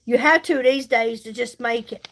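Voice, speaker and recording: A woman's voice: on the high side, normal speed, creaky, a bit bright, a little hiss or hum. A woman, chatting casually with viewers while she does her makeup on a livestream, folksy and reassuring. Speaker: makeup livestream host and seller. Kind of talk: casual live chat while doing makeup.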